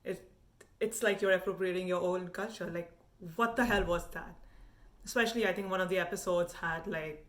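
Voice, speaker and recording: A young woman with a light Indian English accent talks in a slightly low voice, candid and animated. She reviews a show in casual vlog style, leaning on "like" as she thinks aloud. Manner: animated and frank, with frequent "like" fillers.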